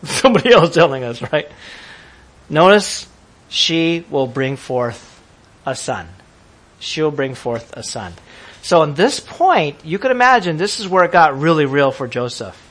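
A man preaching a sermon to a congregation, lively and laughing as he acts out how people would react. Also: on the high side. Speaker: pastor.

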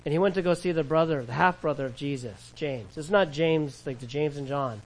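A male pastor preaches in a chatty, animated manner. His voice sits fairly high, and he often mixes in quick laughs and imagined dialogue. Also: low-quality recording. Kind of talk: sermon.

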